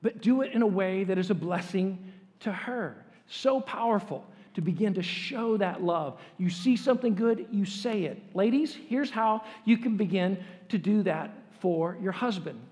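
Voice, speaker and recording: A man's voice: high-pitched, normal speed, darkish tone. A man preaching a sermon as pastor, earnest and emphatic, with rising bursts of force. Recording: long hall reverb.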